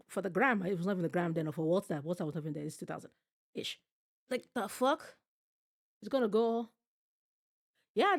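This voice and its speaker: A woman's voice: fairly high pitch, darkish tone. A woman gives casual reaction commentary on a TV show as a streamer, blunt and profane, riffing and repeating her phrases.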